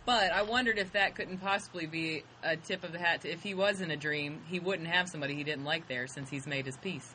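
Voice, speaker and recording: A man's voice: fairly high pitch, a little fast, few pauses, bright, forceful tone, low-quality recording. A man offering tentative thoughts in a casual movie discussion.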